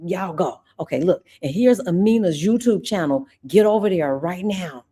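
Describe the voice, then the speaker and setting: Woman host, ex-teacher, live chat with viewers; mellow tone, gushing and chatty. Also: lowish voice, animated, moderate pace, slightly rough. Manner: effusive, chatty, calls viewers "y'all". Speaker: channel host; former teacher. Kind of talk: casual livestream chat with viewers.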